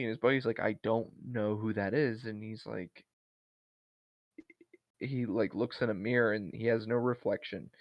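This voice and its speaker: A man's voice: medium pitch, no room sound, highs cut off. A man co-hosting a podcast, casually retelling a story with lots of fillers and restarts. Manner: rambling retelling with many fillers. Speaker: podcast co-host. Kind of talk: casual chat.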